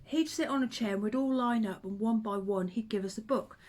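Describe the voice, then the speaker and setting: A woman, chatting to the camera and telling old stories in a relaxed, reminiscing way. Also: on the high side, a little fast. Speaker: vlogger. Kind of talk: casual chat to camera.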